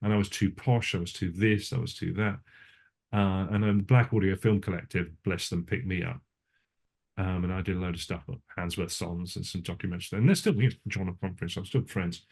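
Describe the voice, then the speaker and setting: An older man with a lowish voice talks in a loose, rambling way, trailing off and starting over. He sounds like a film veteran chatting through anecdotes in an interview, asides piling up as he goes. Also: fairly even intonation, fairly quick, vocal fry, darkish tone, slightly rough. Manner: rambling, self-interrupting storyteller; frequent restarts and asides. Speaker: cinematographer. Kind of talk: casual interview.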